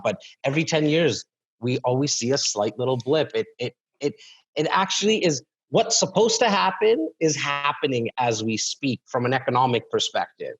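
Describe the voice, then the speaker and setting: Guy hosting a real estate livestream, keeps restarting his words, muffled lo-fi sound. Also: fairly low pitch. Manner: hesitant restarts, repeated words. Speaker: co-host of a real estate web show. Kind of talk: livestream talk show.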